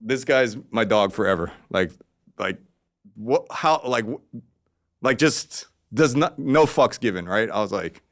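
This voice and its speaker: A man, an artist guest, telling a story in casual, rambling talk, cursing freely and getting animated. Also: on the low side, measured pace.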